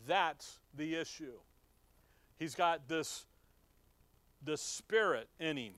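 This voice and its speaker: A man's voice: on the high side, takes it slowly, fairly bright tone, dry recording. A middle-aged man teaching from the Bible in a conversational way, reading verses aloud and asking his listeners questions. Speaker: preacher.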